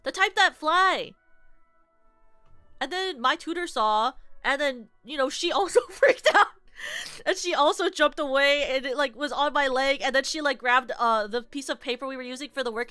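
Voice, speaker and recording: A young woman streamer telling stories casually to her chat, animated, with lots of "like", shrieking when she relives the scary parts. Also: high-pitched, normal speed, hardly any pauses, dry recording, soft background music.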